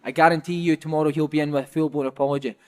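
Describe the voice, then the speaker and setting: Scottish guy doing a blunt, scary gaffer, high voice. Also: steady tone, very fast, smooth, close to an everyday voice. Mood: stern. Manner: blunt, threatening. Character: fiery, intimidating male football manager.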